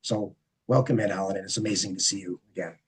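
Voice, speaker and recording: A man moderating a discussion panel, his voice low-pitched and husky. He introduces each guest earnestly and personally, often ending a thought with a questioning "eh?". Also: steady tone, quick pace, poor audio. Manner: warm, earnest, personal introductions with frequent "eh?" tags.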